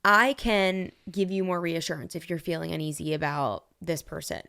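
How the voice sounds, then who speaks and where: A woman's voice: fairly low pitch, creaky, sharp tone. Supportive young woman podcast co-host. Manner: supportive, agreeing, quick asides. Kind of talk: casual advice chat.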